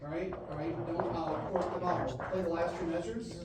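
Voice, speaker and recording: A man's voice: fairly high pitch, level tone, a little fast. A man directing a school band rehearsal, giving instructions, singing phrases with syllables and joking with the students. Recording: echoey band room from far off. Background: room ambience and noise.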